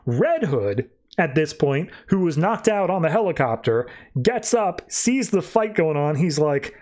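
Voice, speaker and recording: A man's voice: a little high, very animated, a little slow, darkish tone. A man hosting a podcast, rambling casually through a review with lots of fillers and loose retelling. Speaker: podcast host reviewing comics.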